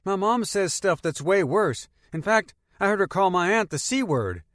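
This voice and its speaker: A man playing an earnest teenage girl in an audiobook, his voice raised for her. She speaks softly and sincerely, in a dry, close recording. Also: high voice, animated, normal speed, no room sound, voice pushed up. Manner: earnest, soft-spoken. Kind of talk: audiobook character voice.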